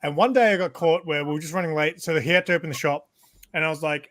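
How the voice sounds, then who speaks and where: Brief: man, slightly high voice, dry close sound, rambling profane storyteller. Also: quick pace, fairly bright tone, no room sound. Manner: rambling, swears freely, laughs at himself. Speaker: regular in a group hang-out. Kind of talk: casual storytelling chat.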